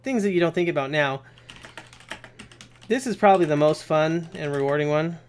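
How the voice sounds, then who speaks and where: A young man hosting a live Q&A stream talks in a loose, rambling way. His voice sits somewhat high for a man. He sounds energetic and swears casually as he goes.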